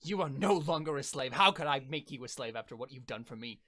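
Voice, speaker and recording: A man's voice: mid-range voice, lively intonation, fast talker, pushed and bright, dry recording, studio quality. A man playing a grateful, formal male master who speaks earnestly as he frees his servant in a tabletop role-playing game. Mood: solemn.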